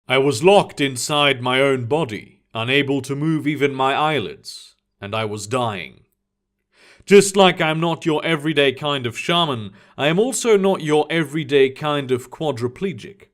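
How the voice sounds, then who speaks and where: A man reading a first-person sci-fi story aloud in a steady, measured narrating voice. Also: medium pitch. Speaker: audiobook narrator.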